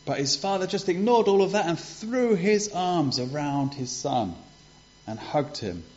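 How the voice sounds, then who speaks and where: A man's voice: fairly high pitch, expressive, a little slow, darkish tone. A man retelling a parable in a conversational way for a congregation, asking rhetorical questions, on a dull lo-fi recording. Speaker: preacher giving a children's talk.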